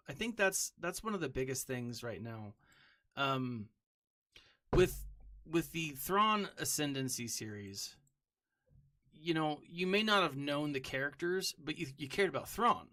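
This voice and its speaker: A young adult man live-streams a game, chatting casually and rambling between moves, sometimes humming to himself or shouting hello to a viewer. His voice is a little high.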